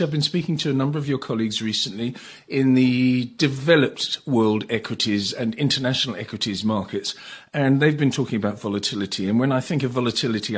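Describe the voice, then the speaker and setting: A man's voice: mid-range voice, breathy edge. A male interviewer asking probing questions in a conversational way.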